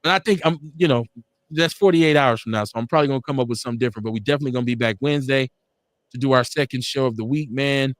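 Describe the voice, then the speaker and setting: Speaking rapid-fire in a mid-range voice with no echo, the man behind this live online talk show delivers fervent, profane political commentary. He preaches his case with conviction, repeating points for emphasis.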